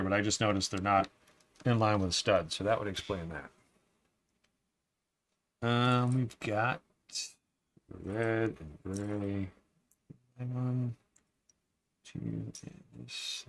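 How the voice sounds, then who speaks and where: A man hosting a casual live stream while he builds Lego, reading out viewer comments and sharing opinions, often dropping to quiet muttering as he works. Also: fairly low pitch. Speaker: livestream host building Lego.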